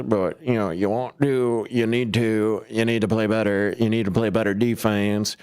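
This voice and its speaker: A man's voice: lowish voice, clean tone. A man hosting a local sports radio show, rambling through a casual monologue with frequent self-corrections and jokey asides. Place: radio studio. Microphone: studio microphone.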